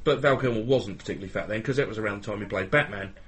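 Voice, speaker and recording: A man's voice: fairly low pitch, very fast, fairly bright tone. A man co-hosting a podcast, joking and swearing freely in casual banter. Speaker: podcast co-host.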